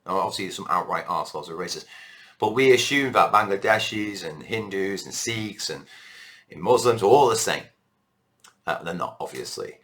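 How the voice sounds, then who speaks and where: A man's voice: deep voice, expressive, normal speed, a bit bright. A British man delivering a rambling, impassioned monologue to camera as a political vlogger. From Britain.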